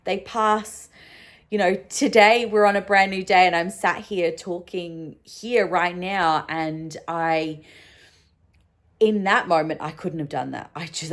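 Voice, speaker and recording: A young woman, a solo mum, talking openly and emotionally in a personal vlog, with lots of ums and likes. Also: deep voice. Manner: open and emotional, many fillers. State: sleep-deprived.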